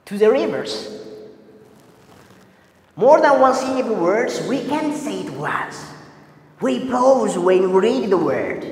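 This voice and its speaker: A man teaching a lesson slowly and deliberately, with a lively pitch that climbs and falls as he stretches and repeats key words. His voice is set slightly high. The recording is roomy with a long reverb tail and faint background noise.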